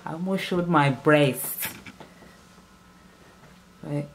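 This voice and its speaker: A young woman chatting casually to her viewers in a home hair care vlog, with lively exclamations. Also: low voice, extremely slow, gravelly, slight background noise. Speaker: natural hair vlogger.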